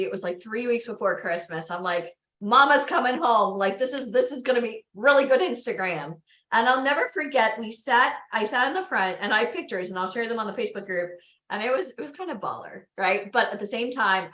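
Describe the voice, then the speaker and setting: A woman hosting a live event, giving an animated motivational talk and asking the audience questions. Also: mid-range voice. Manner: animated, exclaiming, asks the crowd questions. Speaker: event host. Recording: echoey, dull livestream audio.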